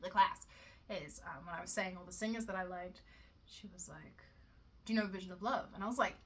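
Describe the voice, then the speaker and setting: A young woman vlogs in a chatty, rambling way, swearing a lot and tossing in self-mocking asides. Her voice sits on the low side and moves briskly, with a little hiss or hum in the audio.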